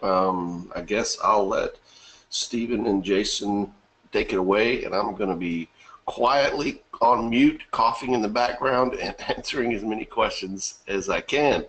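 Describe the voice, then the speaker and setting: Casting: male host with a cough, deep-ish and unhurried, chatty with viewers. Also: fairly bright tone. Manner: reads out viewer names from chat, laughs often. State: has a bad cough. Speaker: webinar host. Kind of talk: casual live webinar chat.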